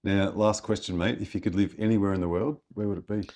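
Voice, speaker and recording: A man's voice: fairly low pitch, fairly even intonation, fast, darkish tone. A man from Australia hosting a podcast, asking questions in a friendly way and laughing easily. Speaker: podcast host.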